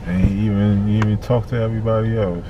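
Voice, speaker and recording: A man's voice: fairly low pitch, fairly even intonation, fast, muffled recording, slight background noise. A man joining a casual album reaction, laid-back and often ending his lines with "man". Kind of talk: casual chat.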